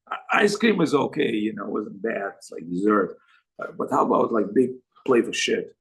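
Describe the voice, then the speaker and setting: A man's voice: fairly low pitch, sing-song, moderate pace, voice pushed down, low-quality recording. A man voicing a crude, greedy male pig who only wants to eat filth, blunt and pleading in a story told during a spiritual talk.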